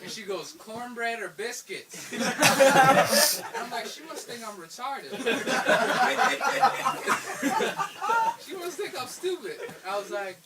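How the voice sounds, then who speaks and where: A man's voice: extremely high pitch, sing-song, slow pace, pauses often, a loud crowd. A young man from the Philadelphia area telling a casual story to friends, often laughing at himself and mimicking the people in it. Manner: laughs through his own story, mimics others. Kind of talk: casual anecdote told to friends. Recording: distant mic with loud background noise.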